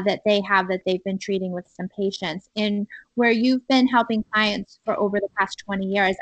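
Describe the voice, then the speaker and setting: A woman co-host asking a guest a question in a measured way, with some hesitant fillers. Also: mid-range voice, a bit bright, dry recording, dull audio. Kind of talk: interview question.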